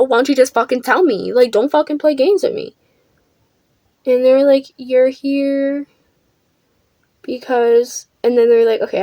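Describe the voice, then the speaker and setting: A teenage girl with a high voice tells a storytime vlog in front of a ring-lit camera. She talks bluntly and defiantly and swears freely, doing her makeup as she goes. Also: a little mellow, no echo. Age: teens. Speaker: vlogger. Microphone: camera under a ring light.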